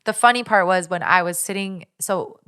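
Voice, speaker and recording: A woman with a slightly low voice talks through a personal story on a podcast. Her delivery is loose and conversational, full of restarts and filler words. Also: normal speed, a bit bright, clean tone. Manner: chatty, lots of 'like' and restarts, recounting a stalker story. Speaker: podcast co-host. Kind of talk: casual storytelling chat.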